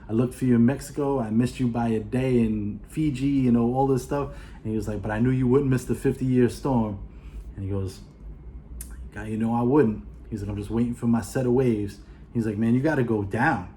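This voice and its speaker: A man with a New York accent talks through a movie's plot in a loose, animated way. He pitches up to act out the characters' lines as he goes. His voice sits at an ordinary middle pitch, and faint noise runs behind him. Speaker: movie reviewer. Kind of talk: casual plot retelling.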